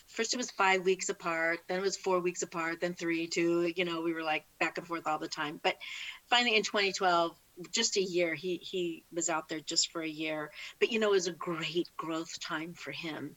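A woman's voice: on the low side, moderate pace, a bit bright, rough recording. A middle-aged woman, a guest in an interview, telling a heartfelt faith testimony with frequent restarts. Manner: heartfelt storytelling with many restarts.

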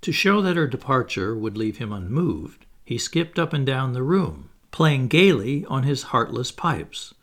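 A man narrating a classic storybook in a measured, expressive reading. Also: mid-range voice. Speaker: audiobook narrator.

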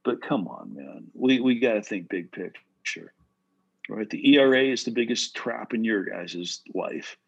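A man who played pro baseball giving casual, animated advice to pitchers, full of "bro" and "right?". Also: a little slow, gravelly, breathy edge, muffled recording. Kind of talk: casual coaching talk.

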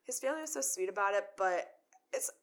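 A woman's voice: mid-range voice, animated, quick pace. A young woman in casual conversation, telling stories full of "like" fillers and acted-out quotes. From Chicago area. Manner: chatty storyteller, many "like" fillers, acts out quotes. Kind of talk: casual chat.

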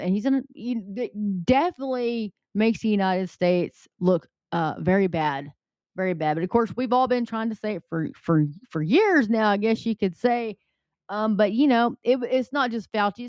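A woman's voice: mid-range voice, no room sound. Rambling woman preaching, dull dry recording. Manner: rambling and urgent, heavy on fillers; addresses viewers as folks and guys. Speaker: Christian vlogger. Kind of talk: casual preaching monologue.

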